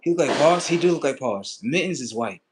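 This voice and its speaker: A man's voice: a little high, lively intonation, brisk, slight background noise. A man telling a story in a casual, profane, ranting way on his livestream.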